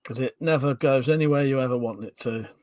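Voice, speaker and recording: A man's voice: medium pitch, fast talker, darkish tone, dry recording. A man hosting a casual livestream from home, reading out viewer comments with frequent laughs, banter and swearing. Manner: chatty and swearing, laughs often, drinking on stream. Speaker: livestream host.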